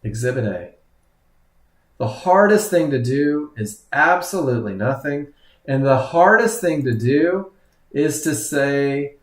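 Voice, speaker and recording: A man's voice: mid-range voice, animated, slow, roomy sound. A man teaching a live trading webinar, commenting on charts and often exclaiming at what the market does. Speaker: trading instructor.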